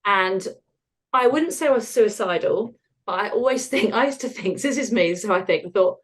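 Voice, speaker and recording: A woman, a podcast guest talking frankly about hard times, laughing at the dark parts. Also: mid-range voice, animated, brisk. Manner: frank and self-deprecating, laughs at dark moments. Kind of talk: candid conversational storytelling.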